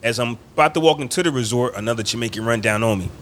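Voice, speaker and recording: Speaking at a racing clip with a medium-pitched voice, a man spins a long, animated story for friends on a podcast. He drifts into quoted voices and laughs along as he goes, keeping it casual.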